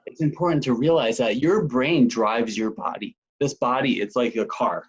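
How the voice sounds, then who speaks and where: Husky-voiced male podcast host. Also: mid-range voice, moderate pace, highs cut off. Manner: earnest, personal. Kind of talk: interview questions, casual chat.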